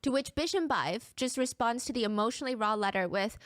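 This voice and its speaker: A woman's voice: a little high, expressive, brisk, no echo, studio quality. A woman narrating a true crime case in a vivid storytelling manner, acting out the people involved.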